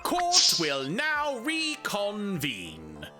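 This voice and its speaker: A man voicing a timid, doddering old judge from a video game, slow and stammering. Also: high voice, wildly swooping pitch, pushed and bright, voice pushed up, full character voice. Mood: solemn. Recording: music playing behind.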